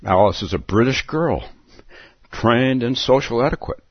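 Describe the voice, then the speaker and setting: A man's voice: mid-range voice, lively intonation, moderate pace, husky, no echo, highs cut off. A man giving a reflective Zen dharma talk, musing aloud and chuckling between thoughts. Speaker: Zen teacher.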